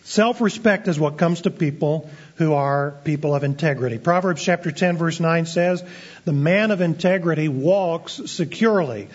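Earnest pastor preaching, dull lo-fi sound. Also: male voice, fairly high pitch, a little mellow, husky. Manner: earnest, deliberate preaching with slow stressed phrases. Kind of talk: sermon. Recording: dull lo-fi sermon recording.

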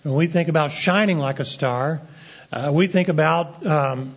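A man preaching a sermon as pastor, earnest and deliberate, slowing down to stress key phrases. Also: fairly high pitch, husky. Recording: dull lo-fi sermon recording.

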